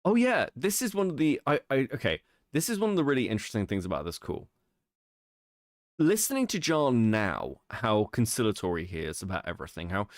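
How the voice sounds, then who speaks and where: A male co-host chatting on a commentary podcast, his pitch sitting mid-range but swinging widely as he mocks and swears. The sound is close and dry, with no room around it. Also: fairly quick, dry recording. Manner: animated, mocking, swears freely. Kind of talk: casual commentary chat.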